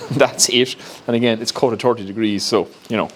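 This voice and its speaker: An Irish-accented woodworking YouTuber chats casually through a build step by step in his home workshop, laughing at himself along the way. His voice is lowish and steady, his pace brisk, with background noise behind him.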